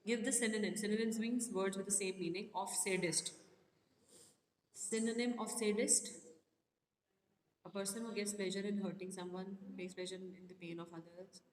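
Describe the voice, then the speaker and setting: A woman's voice: medium pitch, steady tone, moderate pace. Woman teaching in an echoey classroom. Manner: questioning, repeats questions to the class. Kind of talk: classroom lesson on a play excerpt. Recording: echoey room with long reverb and faint noise.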